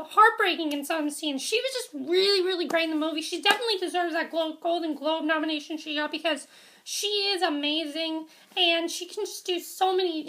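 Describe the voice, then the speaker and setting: A woman's voice: extremely high pitch, pushed and bright, slight background noise. A woman giving a casual, enthusiastic movie review vlog, rambling with many fillers and restarts. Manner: enthusiastic, gushing praise.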